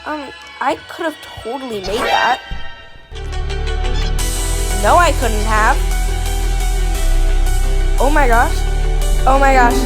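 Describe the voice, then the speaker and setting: Music plays behind this gaming creator's high voice as she talks slowly, leaving long pauses. She's a young woman rambling through casual gameplay commentary, self-conscious, apologetic and prone to swearing.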